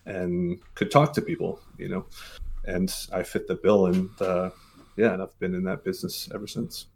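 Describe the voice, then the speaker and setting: Low-pitched and creaky, with a darkish, level tone at normal speed, this American man in his forties tells stories as a podcast guest. He comes from Mississippi, and his casual interview talk is full of fillers and restarts.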